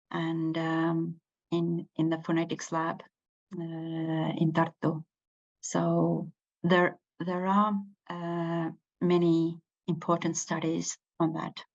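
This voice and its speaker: A woman giving a university lecture, hesitant, with many pauses and fillers. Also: fairly low pitch, darkish tone. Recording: dull lo-fi recording.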